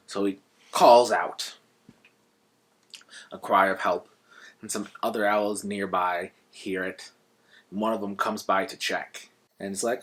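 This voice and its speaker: A man casually reviewing a book and retelling its stories in a conversational, animated way. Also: on the low side.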